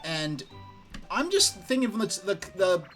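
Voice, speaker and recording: A man's voice: high voice, sing-song, unhurried, a bit bright, faint music behind. A man from New York streaming a game, chatting casually and telling rambling, enthusiastic stories. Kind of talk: casual gaming stream chat.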